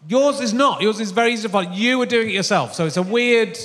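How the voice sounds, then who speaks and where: A man's voice: sits high, quick pace, fairly bright tone. Chatty man hosting live in a hall. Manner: chatty, laughs often, rambling restarts. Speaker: podcast host. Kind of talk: casual live podcast interview. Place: theatre stage before an audience. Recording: long hall reverb from a live theatre.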